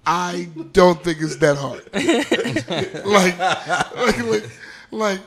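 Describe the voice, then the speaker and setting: A man co-hosting a podcast, tipsy, riffing in a mocking, animated way. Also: high voice, drawn-out words, gravelly, crowd noise. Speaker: podcast co-host. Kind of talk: casual chat.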